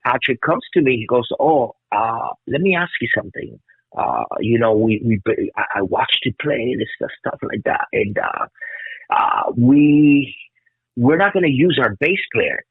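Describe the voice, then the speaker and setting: A man in his fifties from Cuba, telling stories as a guest musician in an excitable, rambling way, swearing a lot. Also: medium pitch, husky, dry recording. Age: 50s. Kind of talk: casual storytelling interview. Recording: tinny phone-like call line.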